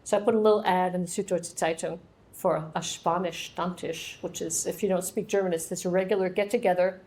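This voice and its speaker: A woman's voice: lowish voice, steady tone, a little fast, a little mellow. A middle-aged woman from Ohio, chatting as an author at her book launch and answering questions with laughs and little acted-out dialogues. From Ohio, USA. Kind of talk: casual Q&A talk.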